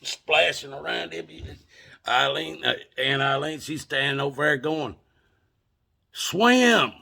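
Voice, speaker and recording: A man's voice: fairly high pitch, fairly even intonation, normal speed, gravelly, pushed and bright. A man with an Appalachian accent telling a family story in a drawling, plainspoken, folksy way. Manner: drawling, plainspoken, cusses casually.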